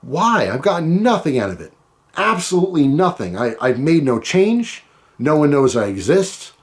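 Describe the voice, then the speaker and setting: A middle-aged man from the United States talks in a loose storytime monologue. His voice sits slightly high for a man, and he rambles, repeating and restarting his phrases. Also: sing-song, normal speed. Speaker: vlogger.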